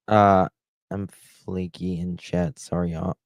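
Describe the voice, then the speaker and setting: A man hosting a casual live stream, rambling and hesitant, warmly thanking chat. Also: lowish voice, animated, takes it slowly, long pauses, a loud crowd, very noisy. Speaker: livestream host.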